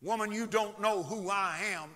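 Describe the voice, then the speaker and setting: A man preacher acting out a violent male serial killer who snarls threats and bursts into shouting. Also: sits high, normal speed, in a large hall. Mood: menacing.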